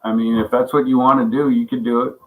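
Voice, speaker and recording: A man's voice: mid-range voice, level tone, fast, phone-quality sound. A man hosting a casual livestream chat, rambling and swearing a lot, often laughing as he greets viewers by name. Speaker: livestream host.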